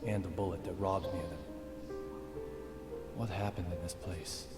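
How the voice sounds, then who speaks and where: A man voicing a brooding widowed detective, very deep. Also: steady tone, close to an everyday voice. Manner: slow, grave monologue. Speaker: game protagonist narrator. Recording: roomy reverb with game music.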